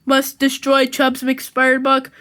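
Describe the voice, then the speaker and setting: Woman as a stiff, high-pitched shouting cartoon robot. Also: completely flat delivery, slow. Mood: robotic. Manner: mechanical, repetitive and shouting. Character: malfunctioning shouting robot villain.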